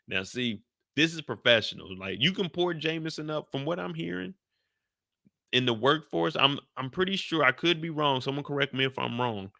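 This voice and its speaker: Gravelly, sharp-voiced man commenting casually. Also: mid-range voice, no echo, studio quality. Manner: loose, joking, slangy. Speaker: show commentator. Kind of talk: casual after-show commentary.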